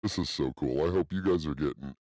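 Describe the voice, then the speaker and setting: A man talking through a deep, robotic voice changer on his podcast mic, delighted with the effect. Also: quick pace, a little mellow, no room sound. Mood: playful. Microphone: new podcast microphone.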